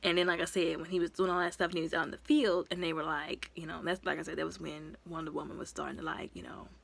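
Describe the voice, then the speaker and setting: A woman giving a casual, rambling recap of a movie as a reviewer. She talks in a lively, expressive way, full of asides and fillers. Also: fast, creaky. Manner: lively and expressive, with sudden jumps in pitch and loudness.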